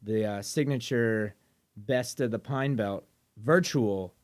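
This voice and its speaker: A podcast host from southern Mississippi chats casually, eager and excitable, frequently restarting his sentences. His voice is fairly low in pitch and he speaks slowly.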